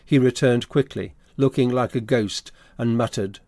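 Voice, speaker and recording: Man, audiobook narrator, classic novel, mid-pitched, dry close recording. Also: moderate pace, a little mellow, no echo.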